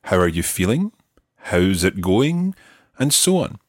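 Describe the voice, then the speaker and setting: This is a man hosting a language lesson, with a low and slightly husky voice. His pitch moves a lot as he explains, and he slows down to model words clearly. The recording is close and dry. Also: sing-song, no room sound. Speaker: language course host and teacher. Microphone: close studio mic.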